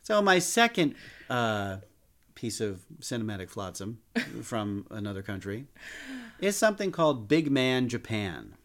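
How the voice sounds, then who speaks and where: A man's voice: medium pitch, very animated, measured pace. A man co-hosting a podcast, reviewing films in casual chat with wry, playful humor. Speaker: podcast co-host.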